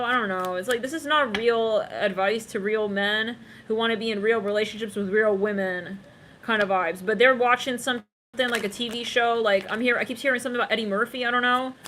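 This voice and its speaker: A woman with a fairly high pitch and fairly even intonation reads tarot casually and fairly quickly, her tone a bit bright. Chatty and rambling, she addresses her viewers directly, laughs often, and breaks into snatches of song. Slight background noise is present.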